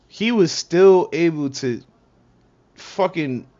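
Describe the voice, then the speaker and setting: A man's voice: on the high side, lively intonation, slow pace, mellow. Slangy, laughing man on lo-fi audio. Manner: slangy, profane, laughing often. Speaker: reaction streamer. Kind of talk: casual reaction commentary. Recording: dull lo-fi audio.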